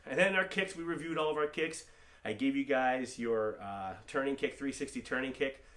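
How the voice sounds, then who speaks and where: Man, taekwondo instructor, online class, encouraging coach, middle-aged, mid-pitched voice. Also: moderate pace, a bit bright. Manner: encouraging, coaching, repeats terms for learners to echo.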